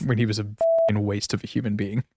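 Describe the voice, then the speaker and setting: A man's voice: on the low side, level tone, moderate pace, warm tone. A man co-hosting a podcast in casual chat, talkative, laughing often and slipping into playful voices. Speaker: podcast co-host.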